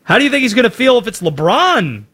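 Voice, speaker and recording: A man's voice: very high-pitched, very animated, quick pace, fairly bright tone, breathy edge. A man giving emphatic, opinionated sports commentary.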